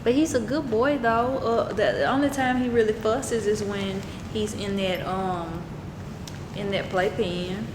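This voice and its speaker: A woman's voice: mid-range voice, a little slow, background noise. Chatty woman vlogger saying y'all. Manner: chatty, expressive, addresses viewers as y'all. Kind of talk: casual vlog chat.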